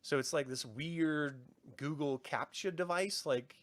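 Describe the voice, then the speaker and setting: A young man co-hosting a casual review chat, excited, swearing often and acting out scenes in quoted voices. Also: on the high side, unhurried. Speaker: podcast co-host.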